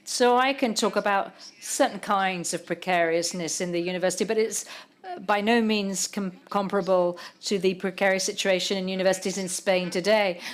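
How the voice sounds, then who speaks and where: A woman's voice: mid-range voice, fairly even intonation, a little fast. Woman novelist, panel guest; thoughtful, word-searching delivery. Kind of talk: public literary conversation.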